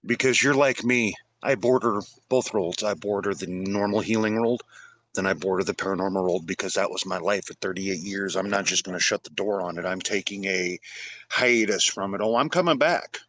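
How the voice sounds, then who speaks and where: A middle-aged man hosting a conversation, talking in an animated, rambling way. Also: deep voice, brisk, slight background noise. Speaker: podcast host. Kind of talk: casual conversation.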